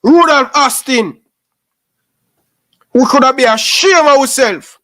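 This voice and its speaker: A man's voice: extremely high pitch, expressive, takes it slowly, bright, forceful tone. A Jamaican man giving an impassioned, preachy rant in patois, scolding young footballers and repeating his points.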